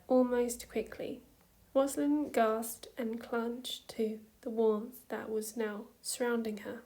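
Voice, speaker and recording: A woman narrating a fan story softly, with a hushed, gentle reading voice. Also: on the high side, fairly even intonation. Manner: slow, soft, hushed reading. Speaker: fanfiction reader.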